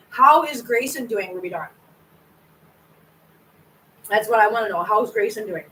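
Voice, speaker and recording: A woman's voice: mid-range voice, animated, normal speed, pauses often, bright, forceful tone, far from the mic, slight background noise, rough recording. A woman hosting a casual livestream from home, chatting with viewers in a rambling way and stumbling over her words. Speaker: cat channel host.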